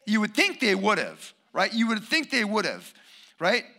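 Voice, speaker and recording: A man preaching a sermon, emphatic, swinging between loud bursts and hushed asides. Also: sits high, huge pitch swings, moderate pace.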